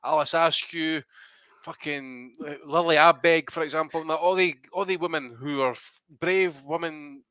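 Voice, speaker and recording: A man's voice: on the high side, steady tone, normal speed, pushed and bright, clear, resonant tone, no echo, rough recording. A Scottish man co-hosting a boxing podcast, talking in sweary, jokey banter. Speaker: podcast co-host.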